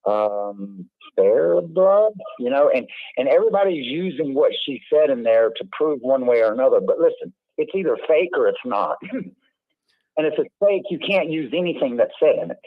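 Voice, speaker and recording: A man's voice: mid-range voice, animated, normal speed, dry recording. A man hosting a casual call-in livestream, rambling and repeating words as he talks. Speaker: livestream host. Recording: tinny phone-like line, dry.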